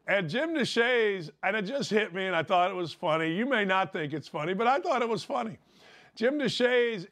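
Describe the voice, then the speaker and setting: Ranting brashly and sarcastically, an older sports radio host rambles through an opinionated sports monologue. His voice sits high with a fairly bright tone.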